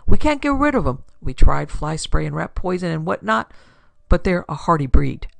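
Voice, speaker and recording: A woman voicing a gruff, sardonic middle-aged male police sergeant with drawling wisecracks. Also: deep voice, very animated, normal speed, fairly bright tone, dry recording, heavily acted.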